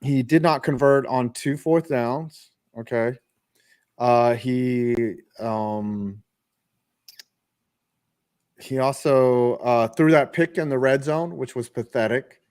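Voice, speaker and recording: A young man hosting a casual stream, calling baseball play by play in an animated way and often restarting his sentences. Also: mid-range voice, takes it slowly, clear, resonant tone. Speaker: host calling a live game.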